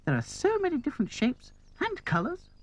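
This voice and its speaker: Man doing a high sweet doll princess. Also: wildly swooping pitch, fairly quick, heavily acted. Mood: delighted. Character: dreamy sweet female princess rag doll. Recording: music under the voice.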